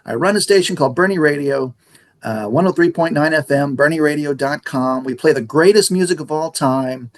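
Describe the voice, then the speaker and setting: Brisk and a little high in pitch, a middle-aged man tells stories in a casual interview. He runs a radio station, comes from the San Antonio region of Texas, and performs the dialogue as an animated storyteller.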